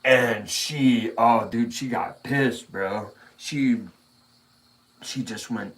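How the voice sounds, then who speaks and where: A man chatting casually on his own channel, mid-pitched and easygoing. He rambles through a story with frequent swearing, loose slang and small laughs. The delivery is unpolished and relaxed. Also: drawn-out words. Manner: laid-back rambling storytelling with profanity and laughter. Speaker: vlogger. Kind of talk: casual chat.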